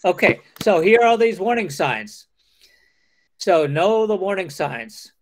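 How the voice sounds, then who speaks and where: A man's voice: high-pitched, big pitch swings, slow, a little hiss or hum. A man leading an interactive teacher-training lecture, calling on participants and acting out hesitant replies. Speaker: workshop lecturer.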